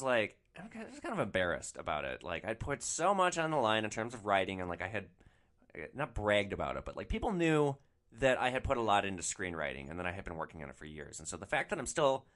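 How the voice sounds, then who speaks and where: Animated ranting young man. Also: on the low side. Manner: ranting, animated, swears freely. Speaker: podcast host. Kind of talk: solo podcast storytelling.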